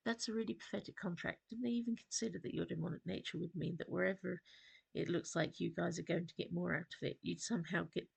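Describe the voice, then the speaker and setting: A woman's voice: lowish voice, steady tone, quick pace, gravelly, breathy edge, no echo, exaggerated voice. A woman voicing an annoyed, skeptical young woman in a storybook reading, with her voice raised in exasperation. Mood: exasperated. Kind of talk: storybook narration.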